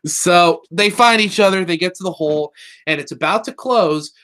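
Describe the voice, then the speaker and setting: A man co-hosting a podcast, excitedly retelling a cartoon episode in casual chat, rambling and swearing and slipping into quick voices for the characters. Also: sits high.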